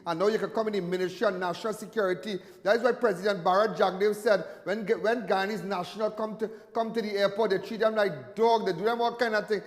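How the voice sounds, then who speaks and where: A Trinidadian man hosting a live crime call-in show, his voice pitched high and full of emphatic repetition. He sounds middle-aged. The sound carries a long, lingering reverb. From Trinidad and Tobago. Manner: animated, emphatic, repeats phrases for effect.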